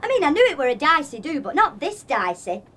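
A woman's voice: high voice, very animated, fast talker, bright, forceful tone, heavily acted. An actress playing a blunt, fed-up young woman worker, quitting her new job. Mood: exasperated. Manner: blunt, exasperated.

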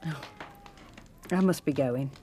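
An actress playing a kindly, bashful older woman, gentle and flustered. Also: deep voice, takes it slowly, a little hiss or hum.

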